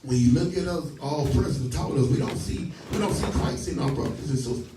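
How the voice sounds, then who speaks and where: This man has a medium-pitched voice and talks a little fast, heard off-mic in a noisy, echoey room. He runs a scripture study with forceful call-and-response preaching, making his reader pause so he can repeat and question every line, and he spins folksy stories with laughter.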